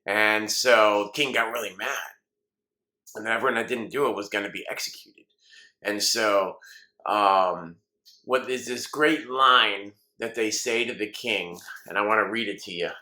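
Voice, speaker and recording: A male pastor preaching a sermon, telling a story earnestly and acting out the people in it, then closing with soft encouragement. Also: on the low side, a little slow.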